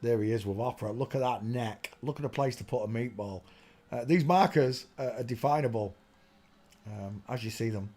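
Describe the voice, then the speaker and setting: This livestream host speaks in a mellow, medium-pitched voice at a moderate pace. Ranting and rambling to his chat, he mutters to himself while searching on screen.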